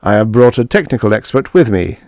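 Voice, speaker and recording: A man's voice: on the low side, animated, fairly quick, a little mellow, no echo, clean studio sound. A man voicing a smug male army colonel who talks with boyish eagerness. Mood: polite.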